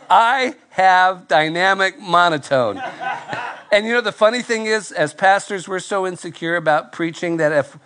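A male pastor preaching to a live congregation, telling a self-deprecating story in a nasal, fairly monotone voice with halting restarts. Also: high voice. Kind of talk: sermon with personal story. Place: church before live congregation.

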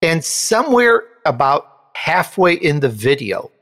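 A male show host telling a personal story in an interview, animated, and he jumps up in pitch when he quotes someone. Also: unhurried, big-room sound.

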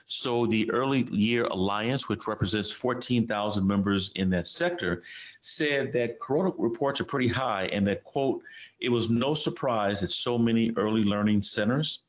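A man co-hosting a podcast, chatting casually and then walking through a news story in a relaxed, explanatory way. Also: lowish voice. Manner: relaxed, conversational with long explanatory runs. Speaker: podcast co-host.

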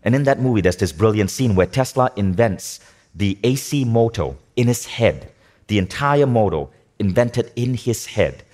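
A man giving a motivational talk to a live audience, energetic, asking the room questions and repeating key phrases. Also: on the low side, moderate pace. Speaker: speaker teaching a workshop.

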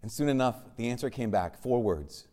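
A man, a Catholic priest, preaching a sermon with wry asides, swinging from urgent questioning to hushed emphasis. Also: mid-range voice, expressive, normal speed.

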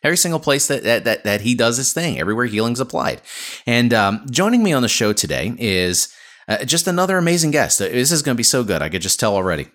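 A man's voice: medium pitch, very animated, fast talker, fairly bright tone. A man hosting a podcast, talking casually and with enthusiasm, filling his talk with "just" and "awesome". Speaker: podcast host.

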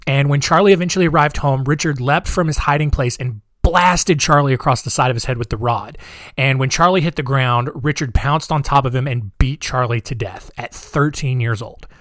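A man hosting a true-crime podcast in a casual, chatty way, full of ums and wry asides. His voice sits at a middling pitch and sounds close and dry, with no room around it. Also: no room sound. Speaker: podcast host.

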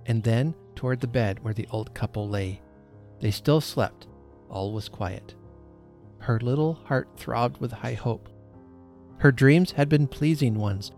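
Man, podcast host, storybook reading, measured, expressive, faint music in background. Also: medium pitch.

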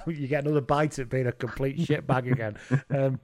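A man co-hosting a podcast, chatting casually and laughing often, swearing and doing quick mimicry. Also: medium pitch, fairly even intonation, darkish tone. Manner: giggly, swears, mimics accents. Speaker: podcast co-host. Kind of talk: casual sports chat.

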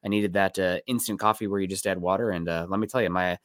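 A man's voice: sits low, steady tone, fast, fairly bright tone, dry recording, clean studio sound. A man hosting a casual sports podcast, loose and rambling, thanking listeners by name. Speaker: podcast host.

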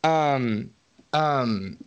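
A man's voice: mid-range voice, lively intonation, very slow. A young man co-hosting a horror movie podcast, joking and chiming in as he recaps scenes. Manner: jokey, interjecting, acts out quotes. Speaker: podcast co-host. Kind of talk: casual movie review chat.

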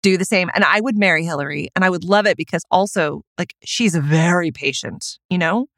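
A woman co-hosting a podcast in casual chat, bubbly and quick to laugh. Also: fairly bright tone, no room sound, clean studio sound. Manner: bubbly, giggly, high-pitched exclamations. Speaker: podcast co-host.

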